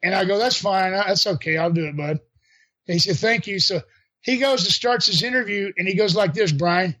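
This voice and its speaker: An older man with a notably high voice spins casual stories from his wrestling days. He jumps into quoted dialogue, chuckles along the way, and keeps the telling animated and unpolished. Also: normal speed. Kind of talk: casual storytelling.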